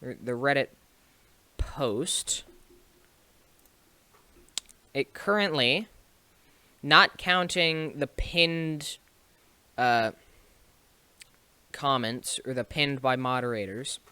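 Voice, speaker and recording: Young guy rambling through a story, slow and unhurried, bright clear voice, dry close sound. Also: medium pitch, no room sound. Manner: rambling, with restarts and small laughs. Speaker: streamer and video maker. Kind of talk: casual storytelling to camera.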